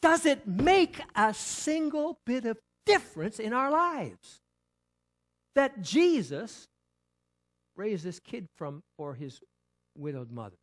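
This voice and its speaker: Male pastor, conversational sermon delivery, very expressive intonation, leans on repetition and questions. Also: sits high, slow pace. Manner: animated, rhetorical questions and repetition; frequent restarts, conversational.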